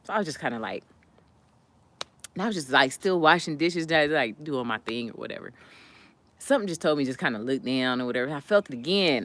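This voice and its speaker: Woman streamer, animated storyteller, low voice that swings wide, laughs a lot. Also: a little fast, dry recording. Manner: animated, laughs often, jumps high when retelling. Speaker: live streamer chatting with viewers. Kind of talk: casual storytelling to live chat.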